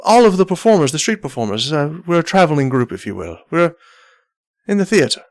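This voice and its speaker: Man playing a flattering courtly sea captain. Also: fairly high pitch, voice pushed up. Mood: smooth. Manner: courtly, ingratiating, halting with repeats. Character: smooth, flattering male ship captain and showman.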